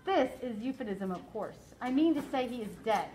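A woman's voice: a little high, expressive, moderate pace, warm tone, slight background noise, close to an everyday voice. A woman reading aloud as an eccentric elderly widow with a formal, wordy, musing way of speaking.

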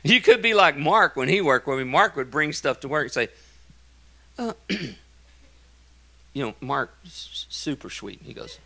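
A man's voice: on the high side, lively intonation, unhurried, creaky, pauses often, pushed and bright. A middle-aged man, a pastor preaching a sermon in a church in a folksy manner, with joking asides between emphatic points. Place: church sanctuary.

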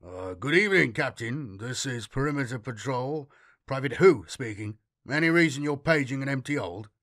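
A man's voice: medium pitch, expressive, moderate pace, fairly bright tone, no echo, natural voice. A young male patrol trooper, easygoing and faintly amused, speaking in an offhand, casual way, as a man reads him. The recording is close and dry, with no room around the voice. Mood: wry. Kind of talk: audiobook character voice.

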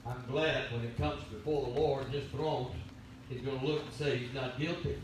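A man's voice: mid-range voice, steady tone, moderate pace, noisy background. A man preaching a sermon as pastor, telling folksy stories. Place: church sanctuary. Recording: very echoey church from a distance.

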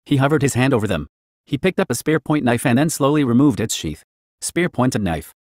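A man's voice: mid-range voice, lively intonation, fast talker, a little mellow, no echo, clean studio sound. A man reading fan fiction aloud, narrating in the first person as a teenage girl.

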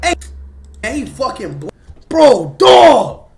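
A young man livestreaming, talking loudly and excitably to his chat, often shouting. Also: very high voice, slow, vocal fry. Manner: loud, excitable, shouts and laughs a lot.

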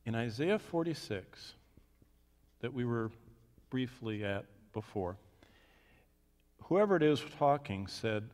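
A man teaching the Bible in a question-and-answer session, swinging from emphatic declarations to hushed asides. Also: mid-range voice, animated, takes it slowly, pauses often. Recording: long reverb of a large hall.

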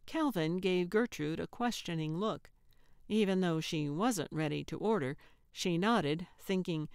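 A woman narrating a cozy mystery audiobook in a measured, deadpan way. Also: lowish voice, clean tone, dry recording, studio quality. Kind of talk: scripted narration.

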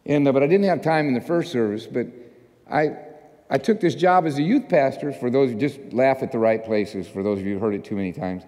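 A man pastor telling a story in a sermon, animated and self-mocking, acting out the people in it. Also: medium pitch, a little fast. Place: church sanctuary. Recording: long church hall reverb.

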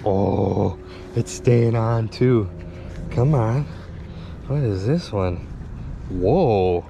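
A young man vlogging outdoors by the water, exclaiming excitedly to his viewers. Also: lowish voice, extremely slow, creaky, highs cut off. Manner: excitable, exclaiming, addresses viewers as you guys. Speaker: magnet fishing vlogger. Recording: noisy outdoor recording.

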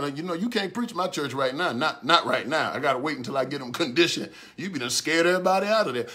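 A man preaching a livestreamed sermon, swinging from calm talk to shouted repeated prayers. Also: on the high side, very fast, hardly any pauses, husky. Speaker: pastor.

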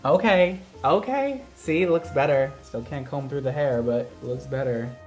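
A man's voice: medium pitch, moderate pace, a little mellow, soft background music. A man hairstylist vlogging casually as he colors hair, with dramatic, exaggerated, self-mocking reactions.

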